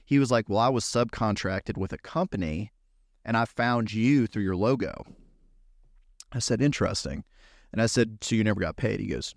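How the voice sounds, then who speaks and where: Low-voiced man telling animated stories. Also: a little fast, gravelly, dry recording, studio quality. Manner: animated anecdote-telling, acting out quoted exchanges. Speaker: podcast host and wedding videographer. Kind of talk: casual conversational storytelling.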